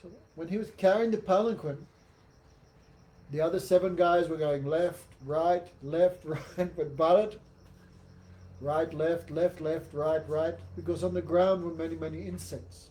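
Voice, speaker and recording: A man teaching a class by telling a story in an animated way, chuckling and often adding a rhetorical "No?". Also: fairly high pitch, measured pace. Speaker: spiritual teacher. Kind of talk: storytelling lesson.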